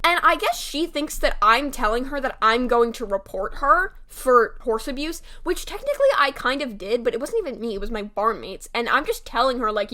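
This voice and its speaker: A teenage girl ranting through a storytime vlog. Her voice sits a little high and sounds very bright and forceful. She swears freely and scatters "like" between her words. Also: lively intonation, a little fast, hardly any pauses. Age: teens. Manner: heated, swearing, lots of "like" fillers. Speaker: storytime vlogger. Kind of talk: casual storytime rant.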